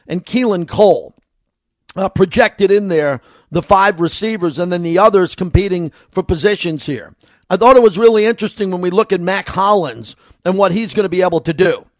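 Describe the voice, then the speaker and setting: A man's voice: high voice, no room sound. A man with a New York accent giving a solo sports commentary as host, in a conversational, rambling way.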